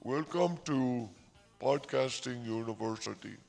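A man voicing a pushy male online-course pitchman who reads out a drawn-out, announcer-like sales pitch. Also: gravelly, a little mellow, soft background music. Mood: salesy pitch.

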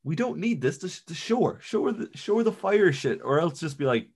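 A man's voice: a little high, brisk, few pauses, husky. A man casually chatting about a film with a co-host, swearing a lot and joking as he retells scenes. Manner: swearing, jokey, animated retelling. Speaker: podcast co-host. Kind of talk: casual movie commentary chat.

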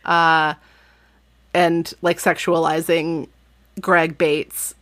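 A woman's voice: deep voice, little pitch movement, drawn-out words, fairly bright tone. A woman co-hosting a podcast, chatting casually about a book, recapping it with lots of laughter. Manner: chatty, laughs often, recaps the plot animatedly. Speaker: podcast co-host. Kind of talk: casual book-club chat with read-aloud passages.

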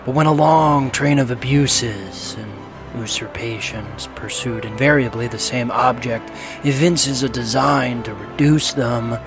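Actor playing an earnest treasure hunter, reverent, film clip, score music behind. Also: male voice, medium pitch, measured pace, hardly any pauses, lightly acted. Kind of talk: film dialogue.

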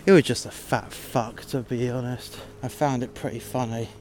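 A man with a darkish, medium-pitched voice and fairly even intonation tells a work story at normal speed for his podcast, in an exasperated, sweary, blunt monologue with slight background noise.

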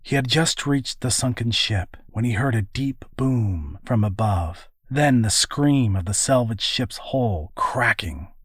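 A man narrating an adventure story in a measured, even audiobook reading. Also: medium pitch, slightly rough, no room sound, studio quality.

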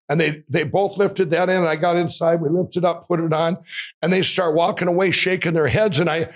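An excitable man telling a rambling personal story as an interview guest, often laughing while he talks. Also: fairly high pitch, fairly quick. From Minnesota. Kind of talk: animated storytelling.

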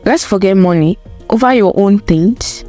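A woman's voice: medium pitch, a little slow, mellow, soft background music. Emphatic young woman ranting. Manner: emphatic, repetitive, rhetorical questions. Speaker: vlogger. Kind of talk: casual opinion rant.

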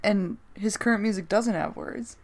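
A woman's voice: medium pitch, moderate pace. A woman co-hosting a podcast, laughing and chiming in with jokes in casual chat. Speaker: podcast co-host.

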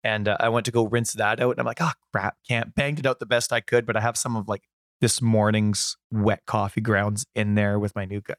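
A man in his thirties co-hosting a gaming podcast, a bit hoarse, rambling casually through stories from home. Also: lowish voice, little pitch movement, brisk, dry recording, clean studio sound. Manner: rambling, chatty storyteller. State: hoarse from a sore voice. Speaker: podcast co-host. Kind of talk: casual chat.

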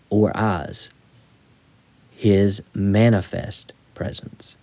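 Guy reading his own devotional book real slow, lowish mellow voice, dry close sound. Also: no echo. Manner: slow, measured, deliberate reading.

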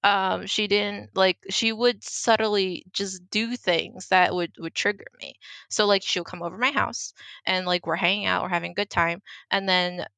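A woman's voice: mid-range voice, steady tone, normal speed, gravelly, bright, forceful tone, no echo. A young woman telling a personal story in casual chat, filling her talk with "like". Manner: storytelling, heavy use of "like".

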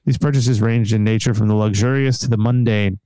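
Crude joking man, smooth dry voice. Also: lowish voice, fairly even intonation, a little fast, warm tone, no echo. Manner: crude, joking, laughs often. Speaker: podcast host. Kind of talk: casual chat reading news.

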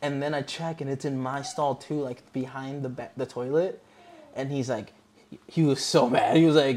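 A man's voice: mid-range voice, normal speed. A young man hosting a casual podcast, telling a story with lots of laughter and put-on voices. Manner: animated storyteller, laughs often. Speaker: podcast host. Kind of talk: casual chat.

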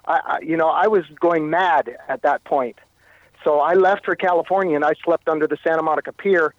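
A Canadian man, interviewed as a guest, tells his personal story haltingly and keeps repeating and restarting phrases. His voice is a little high for a man, and the dry recording sounds dull and muffled, with no room sound.

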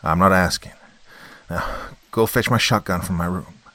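A man's voice: low voice, normal speed, bright, forceful tone, no room sound. A man voicing a protective, stubborn uncle in a spoken horror story, talking in an urgent, shaken way. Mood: stern.

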